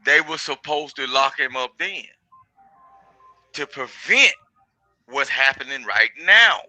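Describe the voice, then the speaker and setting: A man on a live call-in panel who talks loudly and at length in a monotone and keeps pushing his point over others. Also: mid-range voice, slow pace, no room sound, rough recording. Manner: monotone delivery; loud.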